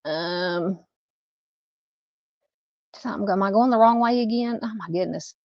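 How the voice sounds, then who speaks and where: A woman with a Southern US accent hosts a casual true crime live stream, chatting with viewers in a slow, medium-pitched voice. She rambles and leans on "you know" a lot, and the audio is dull but free of echo.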